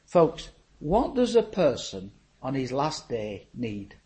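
An older man preaching a sermon, telling stories and swinging from loud, animated delivery to hushed lines. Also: medium pitch, slow pace, rough recording.

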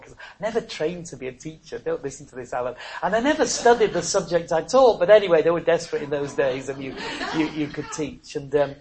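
Preacher, pleading then booming. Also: rough recording. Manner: swings from soft pleading to loud exclamations, chuckles often. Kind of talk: sermon.

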